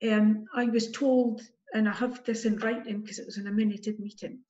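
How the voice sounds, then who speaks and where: A woman guest giving candid spoken testimony, emotional and halting, with wry asides. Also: medium pitch, level tone, a little mellow. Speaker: guest telling her story. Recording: dull lo-fi recording.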